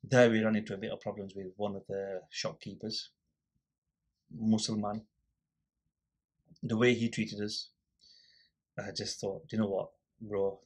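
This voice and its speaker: Casting: man, husky voice, animated anecdote teller who voices both sides of a quarrel. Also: lowish voice, measured pace, long pauses. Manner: animated storyteller, acts out quoted dialogue. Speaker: guest, volunteer litter picker. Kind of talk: casual storytelling interview.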